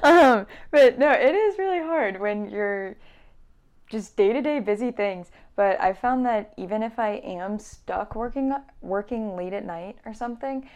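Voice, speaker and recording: A young woman student co-hosting a podcast, chatting in a relaxed, jokey way and giggling often. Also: mid-range voice, unhurried, muffled recording. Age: young adult. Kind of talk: casual podcast chat.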